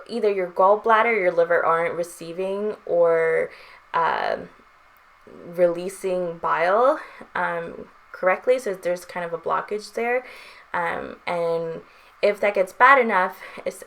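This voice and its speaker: A woman's voice: lowish voice, gravelly. A young woman vlogging in a casual, chatty way, with lots of "um" and "like" and light laughter. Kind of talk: casual chat.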